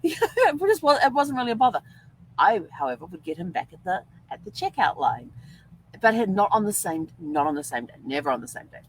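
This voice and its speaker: Chatty older woman host, lower voice. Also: a little hiss or hum, low-quality recording. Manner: chatty, rambling, laughs often. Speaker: podcast host. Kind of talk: casual storytelling monologue.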